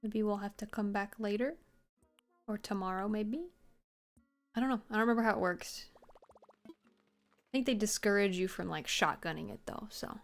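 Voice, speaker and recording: A woman's voice: medium pitch, normal speed, pauses often, faint music behind. A woman casually chatting while she streams a video game, rambling, joking and swearing as she plays. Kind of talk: casual gameplay commentary.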